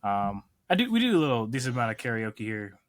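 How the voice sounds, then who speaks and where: A man's voice: mid-range voice, very animated, fast, dry recording, clean studio sound. A young adult man, a comedian guest, chatting casually on a podcast, rambling and self-mocking and often laughing.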